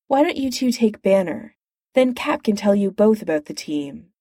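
A woman's voice: medium pitch, sing-song, moderate pace, dark tone, dry recording, studio quality. A woman voicing a brash, bossy man who talks in a breezy, dismissive way. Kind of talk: audiobook character voice.

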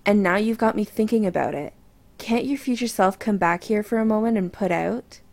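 An eager, passionate man from a read-aloud romance, voiced by a woman. The voice is breathy and intimate, with a gravelly edge. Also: mid-range voice, moderate pace, close to an everyday voice. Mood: playful.

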